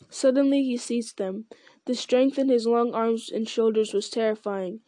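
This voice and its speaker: A woman reading a novel aloud in an even, unhurried way, with the odd small restart. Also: a little high, no room sound. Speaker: audiobook reader.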